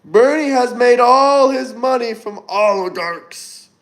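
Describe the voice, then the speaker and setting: An upbeat man runs a casual livestream, reading out comments and tossing off quick shout-outs. His voice sits high for a man. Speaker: livestream host. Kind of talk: casual live-stream chat reading comments.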